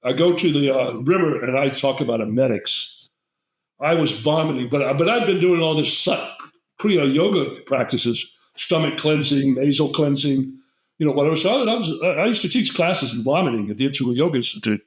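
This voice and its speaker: Animated and fairly quick, an older male guest herbalist relates a long conversational story on the higher side of his range. Fillers and restarts crop up often, and the space sounds echoey.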